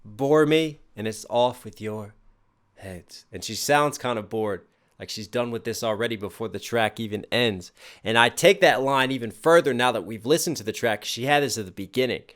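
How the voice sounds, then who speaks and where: A man's voice: mid-range voice, fairly quick, a bit bright. A young adult man, a rapper, giving an enthusiastic casual reaction and picking apart lyrics line by line. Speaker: rapper reacting to a music track.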